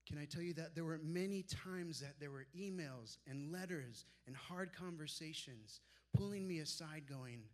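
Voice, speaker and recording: A pastor in his forties preaches a sermon at normal speed, telling personal stories. When he quotes his mentors, his voice drops soft and low.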